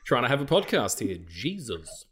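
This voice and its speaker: A man co-hosting a casual film podcast, rambling and swearing freely. He breaks into animated, high-pitched rants and silly noises, then drifts back to his ordinary mid-range voice. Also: moderate pace, husky. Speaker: podcast co-host.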